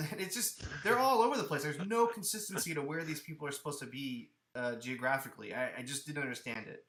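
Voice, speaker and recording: Man, podcast co-host, casual movie chat, animated, restarts sentences, bright voice, roomy echo. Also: medium pitch, a little fast, few pauses, a little hiss or hum. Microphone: headphones and studio mic.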